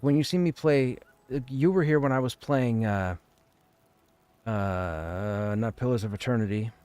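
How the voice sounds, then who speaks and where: A man's voice: mid-range voice, a little mellow, dry recording. A man streaming a game, talking casually at length in a rambling, conversational way. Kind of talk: casual chat while streaming.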